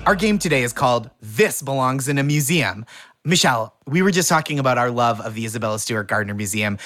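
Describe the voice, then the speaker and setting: A man's voice: mid-range voice, a bit bright. Playful man hosting a comedy podcast. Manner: playful, quick to laugh, reads game setup. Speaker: podcast host.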